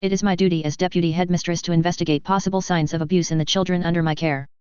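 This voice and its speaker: A woman's voice: fairly low pitch, steady tone, very fast, a little mellow, clean tone, no room sound, muffled recording, close to an everyday voice. A woman voicing a stern, grave older witch who teaches as a strict professor.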